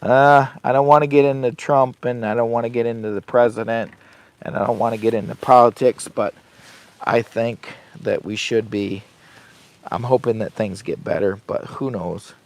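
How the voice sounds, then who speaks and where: Gravelly older man chatting folksy. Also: medium pitch, fairly even intonation, normal speed. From Michigan. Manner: rambling, folksy, talks to chat and his dog. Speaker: camping channel host. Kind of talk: casual livestream chat. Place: inside a heated tent.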